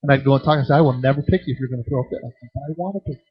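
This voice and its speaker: A middle-aged man giving a conference teaching session on children's ministry, telling stories with acted-out voices and shifting loudness. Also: medium pitch, rapid-fire, husky, dry recording, lo-fi sound. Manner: animated storytelling with acted-out voices.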